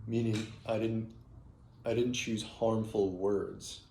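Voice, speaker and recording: A man talking casually and thoughtfully as a parenting teacher, halting often with fillers and restarts. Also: lowish voice, warm tone, slight background noise. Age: adult parent. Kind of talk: casual spoken reflection.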